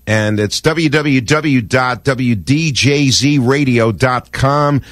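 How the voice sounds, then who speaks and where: A man's voice: medium pitch, slow, a bit bright, dry recording. An older man hosting a radio show, talking in an effusive, sentimental, rambling way from a studio microphone. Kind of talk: warm casual radio talk.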